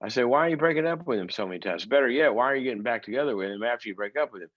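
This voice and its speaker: A man's voice: medium pitch, rapid-fire, dry recording, muffled recording. A man, a psychologist and show host, telling a story to a studio audience and acting out the people in it. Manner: animated storyteller, acting out quoted voices.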